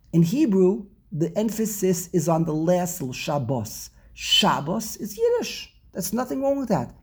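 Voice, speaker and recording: A man's voice: high voice, darkish tone, slightly rough. A man teaching a religious text study class, rambling and often repeating words and restarting his sentences.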